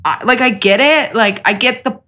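A woman's voice: a little high, normal speed, bright, forceful tone. A young woman co-hosting a casual TV recap podcast, laid-back and chatty, full of "like" and casual swearing. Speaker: podcast co-host. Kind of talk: casual chat recapping a TV episode.

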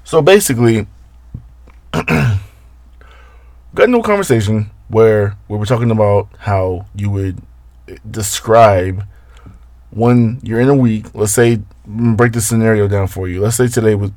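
A man's voice: mid-range voice, expressive, normal speed, no room sound. A man hosting a casual solo podcast, rambling and swearing as he talks straight to his listeners. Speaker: podcast host.

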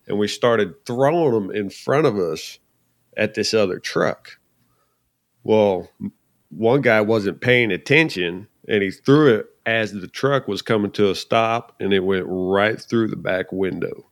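A man's voice: lowish voice, no echo, studio quality. A man hosting a podcast, telling a story in a laid-back, easygoing way. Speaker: podcast host. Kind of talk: casual chat.

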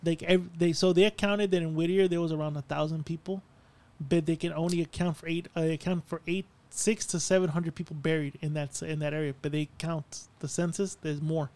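A man on a podcast talks quickly through a spooky story in a slightly higher voice. He rambles, swears freely, and keeps restarting his sentences. It sounds like loose talk among friends. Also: level tone, a little mellow. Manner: rambling, profane, tells stories with many restarts. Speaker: podcast co-host. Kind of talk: casual storytelling chat.

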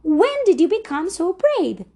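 A woman voicing Luna, a brave young girl bunny in a picture book, with bright, excited exclamations. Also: very high voice, measured pace, pitched above the performer's own voice, exaggerated voice. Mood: delighted.

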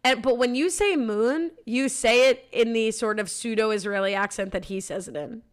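Teasing higher-voiced woman podcast host. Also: normal speed. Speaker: podcast co-host running segments. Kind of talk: casual podcast chat.

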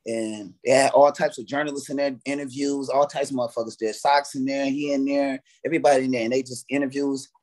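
A man's voice: medium pitch, fairly even intonation, quick pace, hardly any pauses, darkish tone. A man, a guest artist telling stories in a casual interview, swearing freely and acting out his own past reactions. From United States.

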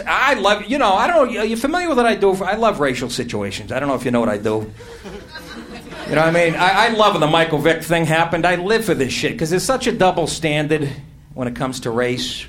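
A man's voice: on the high side, fairly bright tone. A man performing a stand-up routine on a comedy club stage, brash, profane and mocking. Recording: live club recording with noise. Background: audience laughter.

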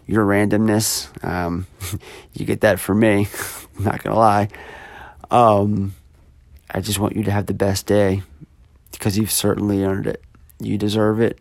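A man in his thirties, a podcast host speaking sincerely and casually to his daughter, slightly halting at times. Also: low voice, gravelly, darkish tone, dry recording. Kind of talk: heartfelt birthday message and casual podcast chat.

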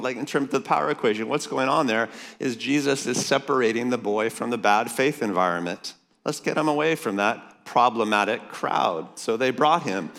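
A man's voice: mid-range voice, a bit bright. A man preaching a sermon to a conference crowd, emphatic and jokey, calling out for amens. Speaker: pastor speaking at a leaders' conference. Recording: long reverb of a large hall.

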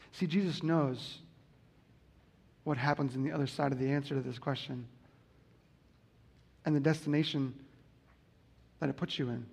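A man with a high voice preaching a sermon. He speaks earnestly and repeats his key lines to drive them home. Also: vocal fry. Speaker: pastor.

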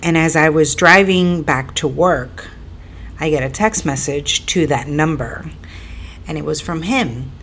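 A woman's voice: low voice, unhurried, fairly bright tone, slight background noise. A woman telling a personal story in a casual, rambling way, repeating herself with fillers and building to emphatic, indignant stretches.

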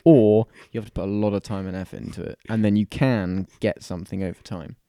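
A man's voice: fairly low pitch, steady tone, fast talker, warm tone, no echo, clean studio sound. A man in his twenties from the UK, co-hosting a podcast in casual chat, easygoing and self-deprecating. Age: 20s. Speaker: podcast co-host.

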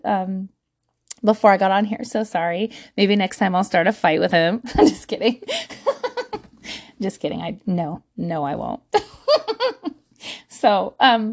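A woman's voice: fairly high pitch, vocal fry. A woman in her thirties, chatting casually to camera as a parenting vlogger, self-mocking and laughing often.

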